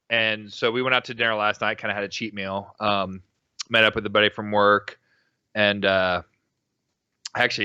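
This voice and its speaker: Bright, crisp-voiced man rambling. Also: on the low side, dry recording. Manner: rambling storyteller, swears freely, many fillers. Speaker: podcast co-host. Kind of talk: casual podcast chat. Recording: dry, dull lo-fi mic.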